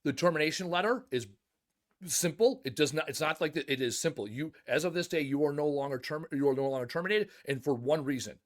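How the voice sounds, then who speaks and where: A man's voice: fairly high pitch, quick pace. A man who owns a junk removal company, telling stories emphatically in a casual podcast conversation. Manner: emphatic, animated storytelling. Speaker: junk removal business owner.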